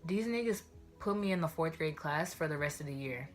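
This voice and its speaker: Animated young woman telling a storytime vlog. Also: low voice, brisk, soft background music. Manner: animated, slangy, addresses viewers as y'all. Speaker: vlogger.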